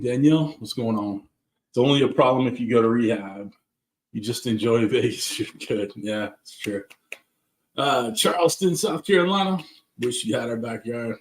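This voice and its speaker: A mid-range male voice with a roomy sound belongs to a Southern California cooking host streaming live outdoors in his backyard. His talk is casual and loose, and he greets viewers by name.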